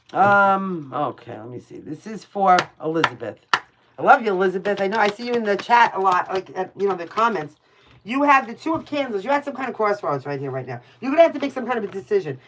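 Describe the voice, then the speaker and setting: Woman, New York accent, tarot reader, casual livestream chat, blunt, swears, faint background noise. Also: mid-range voice. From Brooklyn, New York. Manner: blunt and chatty, swears freely, addresses viewers by name.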